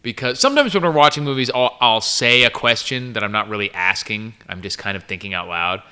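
A man's voice: on the low side, expressive, fairly quick, bright, forceful tone, clean tone. A man co-hosting a casual movie review chat, blunt and swearing freely. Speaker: podcast co-host.

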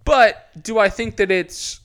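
A man's voice: sits high, a bit bright, smooth. A man in his thirties co-hosting a podcast, chatting casually and joking around. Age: 30s. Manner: jokey, quick banter with playful put-on voices. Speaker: podcast co-host. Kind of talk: casual chat.

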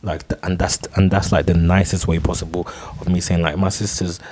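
A man's voice: deep voice, level tone, brisk, a little mellow, breathy edge. A young man telling a long, rambling story alone on his podcast. He stumbles over and repeats words and swears freely. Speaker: podcast host.

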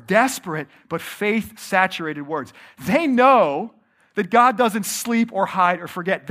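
Higher-voiced male pastor preaching. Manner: varies pace and loudness, slows for emphasis; addresses listeners as friends. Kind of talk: sermon.

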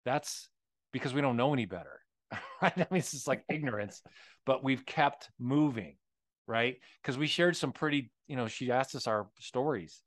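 A man co-hosting a faith podcast tells stories candidly in casual conversation, repeatedly checking in with "right?". He has a medium-pitched voice and a moderate pace, recorded with no room sound.

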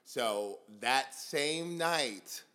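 A young man and drag queen, guest on a casual podcast, telling animated stories with frequent laughter and casual swearing. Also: medium pitch, extremely slow.

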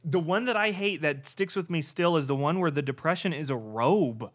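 An earnest man talks candidly on a podcast, circling back and restarting as he searches for words. His voice sits a little high for a man. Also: a little fast, a bit bright. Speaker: podcast co-host.

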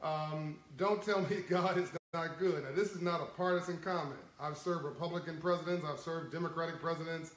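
High-voiced man chatting to his stream. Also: a little fast, hardly any pauses, roomy sound, low-quality recording. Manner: chuckling, animated, folksy. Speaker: livestream host. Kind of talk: casual livestream talk to viewers.

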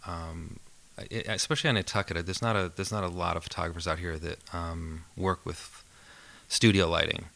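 A man, a photographer and filmmaker, talks in a relaxed, thoughtful way as a podcast guest and tells amused stories. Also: deep voice, moderate pace, vocal fry. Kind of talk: casual podcast interview.

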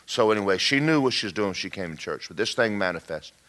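A man preaching a storytelling sermon, folksy and animated, with joking asides and sudden shouts. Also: on the low side, fast talker.

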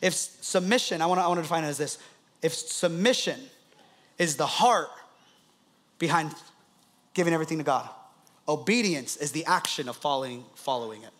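A man, a pastor, preaching with animated, laughing storytelling. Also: fairly high pitch, a little fast, pauses often. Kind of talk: sermon.

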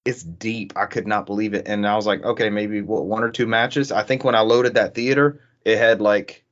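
A man's voice: on the low side, fairly even intonation, normal speed, a bit bright, muffled recording. A man hosting a podcast, chatting loosely and casually about a video game, swearing freely. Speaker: podcast host. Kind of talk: casual gaming podcast chat.

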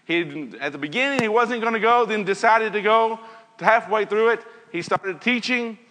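Man, Bible teacher, high bright voice, earnest, hall reverb. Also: normal speed. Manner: earnest, repeats phrases, reads scripture aloud. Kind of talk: evening Bible lesson.

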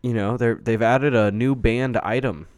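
A man's voice: mid-range voice, steady tone, measured pace, a little mellow, dry recording, studio quality. A young man co-hosting a podcast, chatting casually with loose, profane, joking storytelling. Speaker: podcast co-host. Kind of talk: casual chat.

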